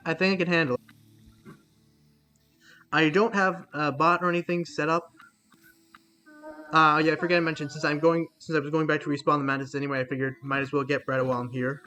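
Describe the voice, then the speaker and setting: A man's voice: on the high side, steady tone, a little fast, long pauses, bright, forceful tone. A man giving casual commentary while streaming a game, reacting aloud and talking to his chat.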